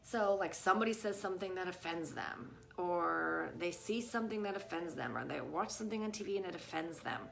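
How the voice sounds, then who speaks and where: A middle-aged woman talks straight to her live viewers from home, casual and chatty, leaning on fillers and checking in with "right?" Her voice has a gravelly edge at the ends of phrases, and a faint hiss sits under the live stream. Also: on the low side, brisk, few pauses. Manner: chatty, many fillers like "you guys" and "right?". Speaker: vlogger. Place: home with a dog nearby. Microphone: phone or camera on a live stream.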